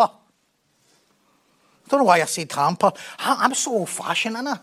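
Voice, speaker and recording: A man's voice: high voice, animated, unhurried, long pauses, a bit bright. A man preaching a sermon in a conversational way, often laughing and joking at his own expense.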